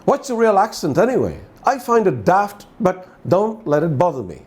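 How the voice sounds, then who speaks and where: A man with a fairly high voice and a distinctive accent reads scripture and then reflects on it. He talks to the listener in a conversational way, with wry questions and dry humor. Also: very animated, normal speed, a little mellow. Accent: distinctive accent, often questioned. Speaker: preacher giving a daily devotional. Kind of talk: gospel reading and reflection.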